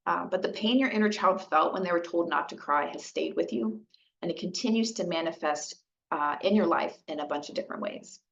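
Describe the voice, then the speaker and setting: A woman outreach specialist giving a gentle, conversational educational talk, often checking in with her listeners. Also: fairly low pitch, fairly quick, creaky, muffled recording. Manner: gentle, conversational, frequent "right?" and "okay?" checks.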